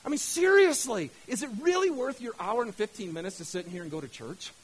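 Fired-up high-voiced male pastor preaching. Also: big pitch swings, fast, breathy edge, poor audio. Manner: fired-up, repetitive, stammering restarts. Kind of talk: sermon.

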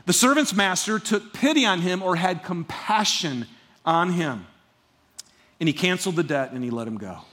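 A male pastor delivering a sermon in a high, bright voice. He talks in a casual, conversational way but hits key points with real emphasis, often breaking off into asides. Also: animated, normal speed.

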